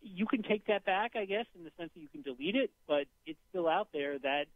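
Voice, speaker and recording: A man's voice: high voice, expressive, no room sound. Man commenting over a tinny phone line. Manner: measured, explanatory, restarts phrases. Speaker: guest commentator. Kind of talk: political talk radio commentary.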